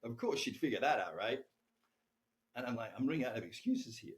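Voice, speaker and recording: A man's voice: mid-range voice, very animated, fairly quick. A man telling a candid personal story as a podcast guest. He talks animatedly and keeps asking "right?".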